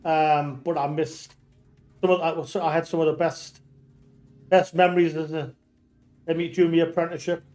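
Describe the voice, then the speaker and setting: A man's voice: a little high, level tone, normal speed, pauses often, darkish tone, faint music behind. A man with a Geordie accent, chatting casually while streaming a game, telling rambling stories full of restarts and swearing. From North East England. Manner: rambling storyteller, many restarts, swears freely. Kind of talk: casual chat while gaming.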